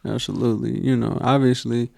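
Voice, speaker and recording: A young man, co-hosting a casual podcast. His voice is gravelly and dark, with a flat, level delivery and a dry, close sound. He tells a heartfelt personal story loaded with slang and fillers. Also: mid-range voice, brisk, no echo. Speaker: podcast co-host.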